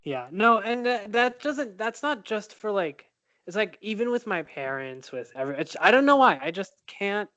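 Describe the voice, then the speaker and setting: A man's voice: high-pitched, big pitch swings, moderate pace, sharp tone, no room sound, lo-fi sound. A young man co-hosting a casual podcast, rambling and restarting his sentences. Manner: rambling, hesitant, restarts often. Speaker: podcast co-host. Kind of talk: casual chat.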